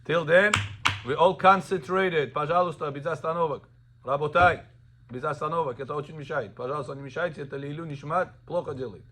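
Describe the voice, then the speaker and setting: A man leads a Torah class, his voice pitched a little high and bright with a forceful edge. He quizzes the room and tells animated stories, slipping between languages as he goes. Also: fast talker. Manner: animated storyteller, quizzes students, mixes in Russian and Hebrew. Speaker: rabbi teaching a class. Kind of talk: Torah class on Sabbath laws. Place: classroom with students.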